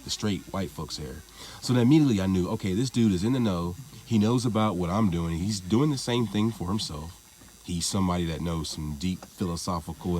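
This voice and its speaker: A man's voice: deep voice, a little mellow. A man talking in a casual monologue vlog, rambling and profane, laughing things off as he goes. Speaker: vlogger.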